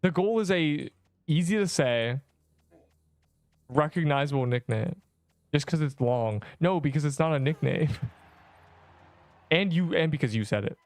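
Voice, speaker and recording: A man's voice: on the high side, animated, measured pace, pauses often, a little mellow, dry recording. A young man chatting on a game livestream, rambling in slang and joking with mock outrage at his chat. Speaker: game streamer.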